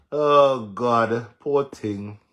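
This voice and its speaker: A man with a Jamaican accent ranting on a livestream as a social media commentator, loud and mocking, laughing and cursing as he goes. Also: mid-range voice. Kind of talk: livestream rant.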